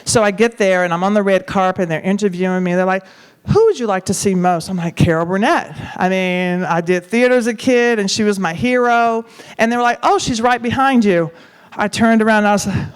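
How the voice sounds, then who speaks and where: A woman's voice: medium pitch, a little fast, clean tone. A woman talk show co-host telling a story in a conversational way, acting out the voices she quotes. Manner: animated, acts out quoted voices.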